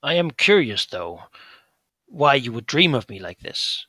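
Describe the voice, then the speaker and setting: A man voicing a calm, curious older brother with an arcane mind, who asks his questions in an earnest, measured way. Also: medium pitch, husky, no echo, heavily acted.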